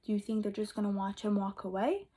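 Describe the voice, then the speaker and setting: Breathy woman reading a picture book. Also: medium pitch, quick pace, poor audio. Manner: expressive, asks the children questions, drops to a whisper for asides. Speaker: kindergarten teacher. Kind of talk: children's picture book read-aloud.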